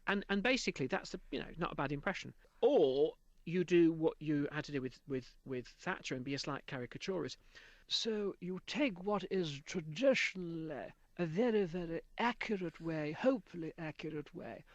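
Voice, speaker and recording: A middle-aged man, a guest voice artist in a radio studio, telling anecdotes in an animated way during an interview. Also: fairly high pitch, moderate pace, hardly any pauses, dry recording, muffled recording.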